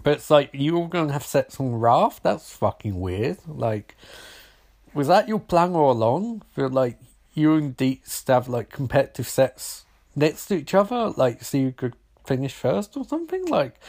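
A man's voice: a little high, very animated, normal speed, gravelly, a little mellow. A man casually recapping a film in a rambling, wry and sarcastic way, swearing now and then. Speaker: film reviewer.

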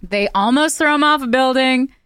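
A woman's voice: high voice, normal speed, fairly bright tone, smooth, dry recording, clean studio sound. Snarky chatty woman podcast host. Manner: snarky, chatty, laughs often. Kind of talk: casual chat.

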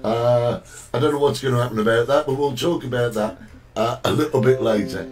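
A man's voice: medium pitch, fairly quick, far from the mic, over music, poor audio. A man hosting a casual talk show, chatting and reading out viewer greetings. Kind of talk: casual chat.

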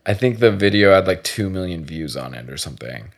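A man's voice: low voice, expressive, a little fast. A man hosting a podcast, chatting casually in a meandering, profane way. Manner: profane, meandering, frequent restarts. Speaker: podcast host. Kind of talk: casual chat.

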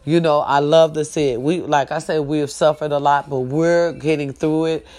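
A woman's voice: sits low, steady tone, moderate pace, a little mellow. Emotional woman talking to viewers. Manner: emotional, repeats phrases, speaks straight to viewers; preachy and encouraging, praises God and family. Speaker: online show host. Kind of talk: casual heartfelt livestream talk.

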